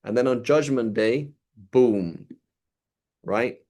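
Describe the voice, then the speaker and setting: A man's voice: mid-range voice, slow pace, darkish tone. A man teaching an informal sermon, conversational and loose, often checking in with "right?". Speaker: religious teacher.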